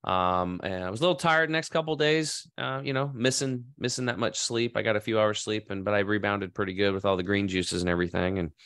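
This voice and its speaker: A man's voice: on the low side, fairly bright tone, clear, resonant tone, dry recording, clean studio sound. A middle-aged man from Oregon casually telling a rambling, enthusiastic story in a vlog and acting out quoted voices. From Oregon, USA. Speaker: vlogger in the health industry.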